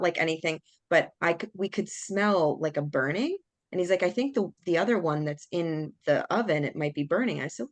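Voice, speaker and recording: A woman's voice: sits low, no echo. A young adult woman hosting a podcast, candidly telling a personal story in casual chat and acting out the quotes. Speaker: podcast host.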